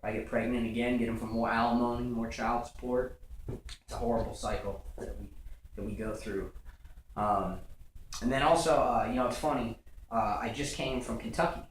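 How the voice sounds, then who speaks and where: A man's voice: medium pitch, steady tone, fairly quick, a little hiss or hum. A young man doing a stand-up routine, telling rambling stories full of fillers and restarts. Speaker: stand-up comedian. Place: comedy stage. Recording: rough, echoey club recording from far off.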